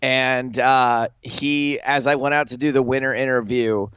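A man's voice: mid-range voice, a little slow, clear, resonant tone, dry recording, dull audio. A man co-hosting a poker podcast in casual chat, telling stories with lots of filler words. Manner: chatty, lots of filler likes, animated retelling. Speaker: poker show co-host.

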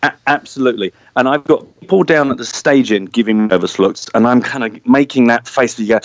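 A man's voice: medium pitch, fast talker, few pauses, dry recording. A man tells a funny, self-deprecating story in casual conversation. He acts out the voices and cheers along the way. The recording is dry and a little dull. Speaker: guest storyteller. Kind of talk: casual anecdote.

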